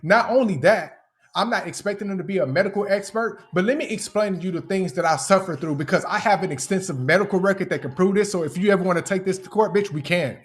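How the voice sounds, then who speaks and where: A man's voice: high-pitched, quick pace. Heated, profane man ranting on a live stream. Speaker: livestreamer addressing critics. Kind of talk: angry live-stream rant.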